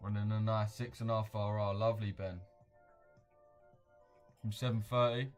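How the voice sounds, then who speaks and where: Low-voiced man trading live. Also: little pitch movement, moderate pace, soft background music. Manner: slangy, chatty, addresses viewers directly. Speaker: livestream trader. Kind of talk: casual live trading commentary.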